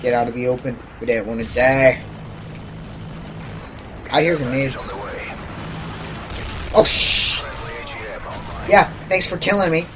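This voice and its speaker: A young man giving casual, jokey gameplay commentary who yelps and shouts when something startles him. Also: medium pitch, lively intonation, takes it slowly, long pauses, music in the background. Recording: loud game gunfire behind voice. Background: gunfire and explosions from the game.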